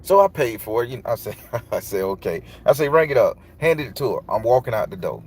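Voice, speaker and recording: A man's voice: medium pitch, very animated, fast talker, darkish tone. A man, a tarot reader telling a long, loose, profane story in casual monologue. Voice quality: loose, profane, emphatic delivery.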